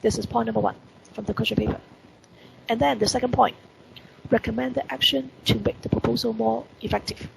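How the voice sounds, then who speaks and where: A woman's voice: on the high side, steady tone, fairly quick, creaky, noisy background. A woman with a Hong Kong accent teaching an online English lesson, stressing key words and asking rhetorical questions. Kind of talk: online lesson explaining report writing. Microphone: computer mic on video call.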